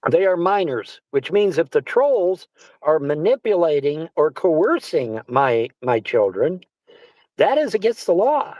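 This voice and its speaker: A man's voice: fairly high pitch, big pitch swings, measured pace, a little mellow, no room sound, rough recording. Casting: man, casual stream guest, rambling and profane, repeats lines, dry close sound. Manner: rambling, repeats himself, swears. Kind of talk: casual chat.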